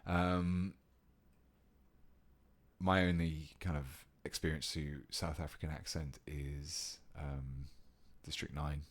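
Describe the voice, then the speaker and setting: Low-voiced british guy chatting thru a painting stream, laid back, reads out comments. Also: takes it slowly. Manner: relaxed and chatty, reading out viewer comments. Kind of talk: casual live-stream painting tutorial.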